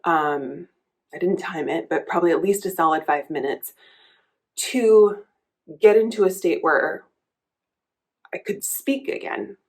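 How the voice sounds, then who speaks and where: A woman's voice: on the low side, measured pace, long pauses. A woman coach speaking candidly and reflectively in a personal vlog, telling a story with many small restarts. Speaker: coach and vlogger.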